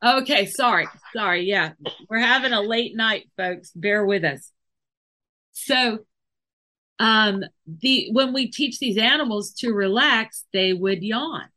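A woman hosting a podcast about animal training talks slowly and carefully through her points. Her voice has a bright, clear edge, and she explains her ideas with examples, sometimes restarting a phrase. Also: on the high side. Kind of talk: casual explanatory podcast talk.

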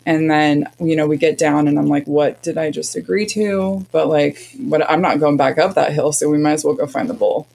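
A woman's voice: sits low, normal speed, creaky, few pauses, a little mellow. A woman frankly recounting a hard hike on a podcast, blunt and self-mocking. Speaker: hunting partner and guest. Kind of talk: casual podcast storytelling.

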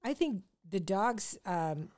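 A middle-aged woman co-hosting a podcast, telling stories in a chatty, lively way and often breaking into laughter. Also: medium pitch, slow pace. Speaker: podcast co-host and comedian. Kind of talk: casual podcast chat.

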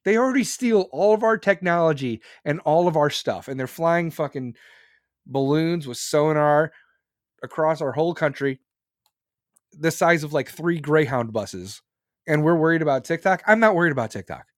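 A man's voice: on the high side, lively intonation, moderate pace, dry recording, studio quality. A male podcast host ranting about politics in a blunt, profane, heated way. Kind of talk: opinionated political rant.

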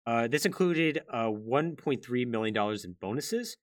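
A medium-pitched man, animated and speaking at normal speed, hosts a podcast. He recounts gaming history chattily and casually, with plenty of "like" and wry asides.

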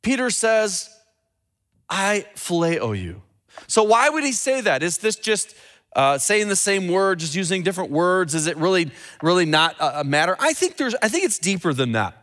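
A man preaching a sermon as a pastor, teaching earnestly and dropping low and slow when he quotes scripture. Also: big pitch swings, fairly bright tone. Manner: repeats and restarts words when building a point.

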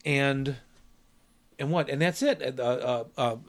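A man's voice: medium pitch, takes it slowly. Chatty middle-aged man recapping a film. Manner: chatty, laughs often, acts out movie lines. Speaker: podcast co-host. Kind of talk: casual film discussion.

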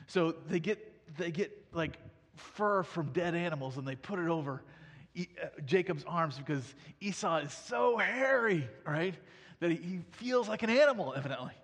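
A man's voice: a little high, expressive, normal speed, a bit bright, breathy edge, big-room sound. A male pastor preaching a sermon in a casual storytelling way, full of fillers.

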